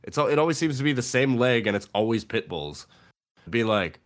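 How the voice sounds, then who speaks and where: A man telling a story on a comedy podcast with a lively, swooping pitch. He laughs a lot and slips into exaggerated quoted voices as he goes. His pitch sits in the middle for a man. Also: a little fast. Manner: animated, laughs often, jumps into high quoted voices. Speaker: podcast co-host.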